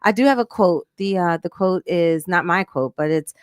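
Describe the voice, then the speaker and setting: Earnest, low-voiced woman co-host. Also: normal speed, dry recording, studio quality. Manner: reflective, earnest, many restarts. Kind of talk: casual talk show chat.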